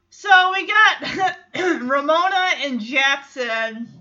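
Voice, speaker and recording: A woman hosts a casual recap podcast, her voice high and bright. She talks in an animated way and laughs often as she reads out lines. The sound is a little muffled. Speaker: podcast host.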